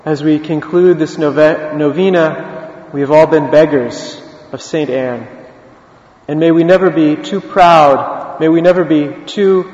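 A man's voice: a little high, unhurried, a little mellow, reverberant, in a large hall, muffled recording. A man preaching a sermon in a church, telling a story in an easy, conversational way.

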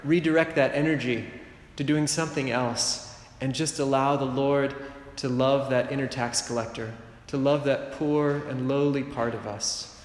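A middle-aged man delivers a sermon in a relaxed, conversational way, slipping in joking asides and quick rhetorical checks on his listeners. His voice sits at an ordinary male pitch. It rings out with a long, roomy reverb like a large church. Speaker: preacher.

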